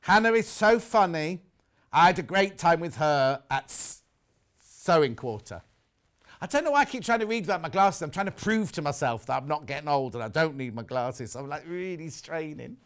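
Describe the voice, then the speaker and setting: A man's voice: on the high side, expressive, moderate pace, fairly bright tone, smooth. A middle-aged man presenting fabrics on a live shopping show, chatty and teasing. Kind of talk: live sales presentation with chat.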